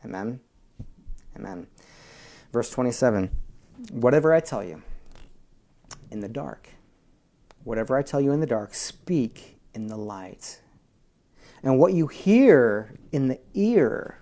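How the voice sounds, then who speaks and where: A male pastor preaching a sermon. He reads scripture, calls for amens from the congregation, and moves between hushed whispers and rousing shouts with chatty asides. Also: medium pitch, animated, a little slow, gravelly, pauses often. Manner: call-and-response with the congregation.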